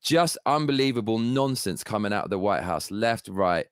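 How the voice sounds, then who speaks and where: A man's voice: lowish voice, lively intonation, moderate pace, smooth, no room sound, studio quality. A man delivering an angry, profane political rant, heated and sarcastic throughout. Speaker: political commentator.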